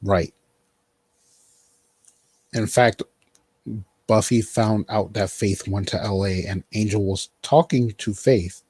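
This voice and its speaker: Husky low-voiced man recapping a show. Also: slow pace, long pauses, darkish tone, no room sound. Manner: rambling, filler-heavy, quotes characters in mock voices. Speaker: podcast host. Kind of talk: casual chat recapping a TV show.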